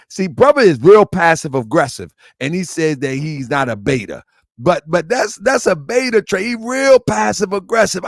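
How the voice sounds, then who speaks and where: A man hosting a livestream show, talking casually and excitably to viewers, repeating himself and laughing often. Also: a little high, vocal fry, dry recording, studio quality.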